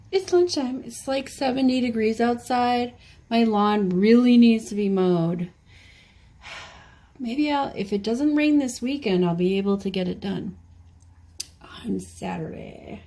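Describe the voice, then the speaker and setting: A woman's voice: a little high, unhurried, warm tone. A woman vlogging at home, chatting casually in a wry, meandering way full of asides. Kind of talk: casual rambling chat. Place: home, indoors.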